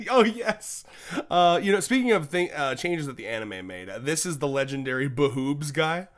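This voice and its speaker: Male co-host, casual stream chat over a voice call. Slightly high, very lively pitch, swears a lot, laughs easily. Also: normal speed. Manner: animated, swears freely, laughs often. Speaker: co-host of a manga re-read stream.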